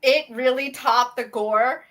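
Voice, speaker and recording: A woman co-hosting a podcast in casual chat, chatty and quick to laugh. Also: sits high, fairly bright tone, rough recording. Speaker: podcast co-host.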